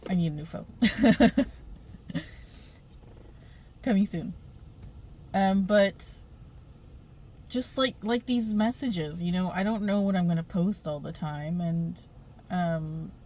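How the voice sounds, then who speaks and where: A woman's voice: lowish voice, warm tone. A middle-aged woman telling a rambling storytime vlog into her phone camera, chatty, with many fillers and frequent laughs. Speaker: spiritual vlogger.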